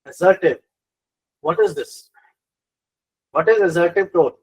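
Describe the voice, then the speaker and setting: A middle-aged man teaching business communication in a live online lecture, animated, with many fillers and repeated phrases. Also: high voice, unhurried, slightly rough, poor audio.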